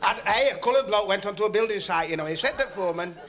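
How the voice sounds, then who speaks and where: A man's voice: high voice, animated, rapid-fire. A man doing a chatty club stand-up routine, teasing the audience and telling jokes in broad dialect. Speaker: stand-up comedian. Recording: old club recording with loud crowd laughter and noise.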